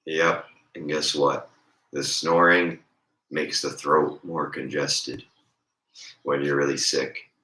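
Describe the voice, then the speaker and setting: A hoarse, congested man with a raspy voice, rambling and joking in a casual chat as a streamer. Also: a bass voice, little pitch movement, takes it slowly, bright, forceful tone, echoey room.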